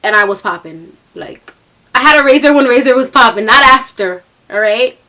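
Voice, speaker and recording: A young woman from New York telling a story on her vlog, bright and lively as she acts out the parts. Her voice sits high, and her talk is loose and full of fillers. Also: normal speed. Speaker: vlogger.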